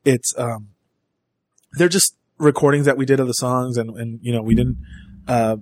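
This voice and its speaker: A man's voice: mid-range voice, fairly even intonation, moderate pace, a little mellow, no room sound. A man guest in a podcast studio, chatting casually and rambling with frequent restarts and casual swearing. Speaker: band member guest.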